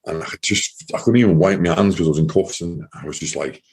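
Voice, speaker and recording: A man, an interview guest and former soldier, telling his own story in a halting way and acting out past exchanges in quotes. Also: rumbling low, fairly even intonation, a little mellow, husky. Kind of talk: personal storytelling in conversation.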